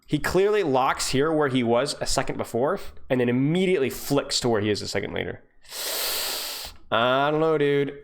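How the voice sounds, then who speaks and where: Lively young coach streaming. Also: male voice, medium pitch, normal speed, creaky. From United States. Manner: casual, joking, chats to viewers. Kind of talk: live stream gameplay review coaching.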